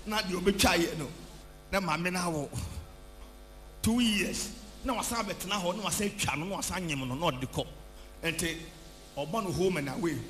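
In a high-pitched voice, a man preaching as a prophet shouts and sing-songs his lines, moving between Twi and English and weaving in congregation testimony. The service is recorded in an echoey church hall with a hum behind it.

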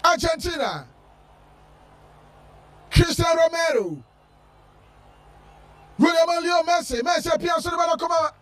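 A man giving shouted football commentary with a chanting, sing-song delivery. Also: extremely high pitch, slow, long pauses, far from the mic. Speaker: sports commentator.

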